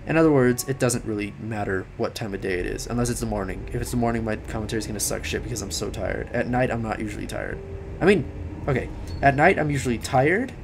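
A man's voice: fairly low pitch, gravelly, background noise. Tired young man rambling over a game. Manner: rambling, sleepy, swears and yells at the game. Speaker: gaming commentator. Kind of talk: late-night let's play commentary.

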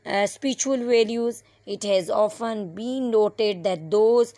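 A woman teacher giving an online English lesson, reading a passage aloud slowly and explaining word meanings with occasional fillers. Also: mid-range voice, dark tone, dry recording. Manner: slow, deliberate reading with fillers.

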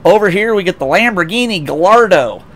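A man's voice: sits high, lively intonation, brisk, fairly bright tone. A young American man streaming a racing game, chatting casually and rambling with lots of restarts and self-deprecating asides. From United States. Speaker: VTuber streamer. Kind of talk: casual livestream chat, reading chat aloud.

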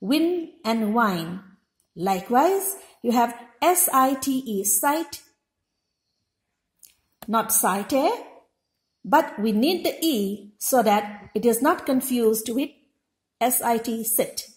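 A woman teaching a class in a high, clear voice, taking her time and spelling out words letter by letter. Her slow, careful delivery rings in an echoey room. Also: animated. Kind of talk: classroom lesson.

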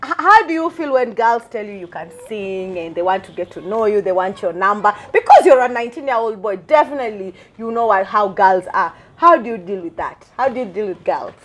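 A woman hosting a casual talk show interview, bubbly and quick to laugh, mixing English with Swahili slang. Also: medium pitch, expressive.

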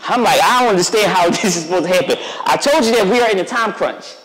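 A man's voice: sits high, lively intonation, fast, a bit bright. A man, a youth pastor, preaching a conversational sermon to the congregation and speaking directly to them, now and then acting out the voices of Bible figures. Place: church sanctuary. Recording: long reverb of a church sanctuary.

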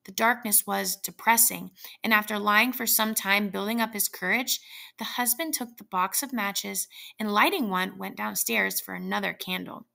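A woman narrating a story aloud in a measured, suspenseful way. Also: medium pitch, steady tone, vocal fry, pushed and bright. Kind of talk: dramatic story reading.

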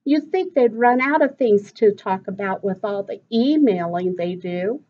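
A woman's voice: medium pitch, expressive, unhurried, highs cut off. A woman voicing a caring, practical mother in a storybook reading.

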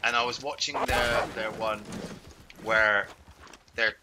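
A game streamer rambles casually through gameplay commentary, swearing and cutting off his own sentences. His voice is on the low side, level and slow, with background noise behind it.

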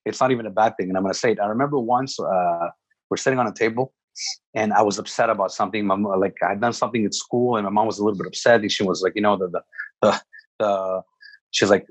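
A man co-hosting a casual podcast about fathers, telling stories in an animated way and repeating words for emphasis. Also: lowish voice, fast, no echo. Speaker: podcast co-host. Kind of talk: casual chat.

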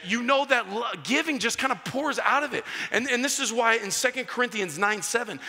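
A male pastor preaching a sermon, telling stories with animated back-and-forth dialogue. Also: very high-pitched, normal speed. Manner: animated storytelling, acting out dialogue. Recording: church hall reverb.

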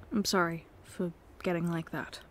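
Slow, soft-spoken woman in whispered role-play. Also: fairly low pitch, slight background noise. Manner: soft-spoken, shifting between hushed pleading and sharp exasperation; swears when frustrated. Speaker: ASMR role-play performer.

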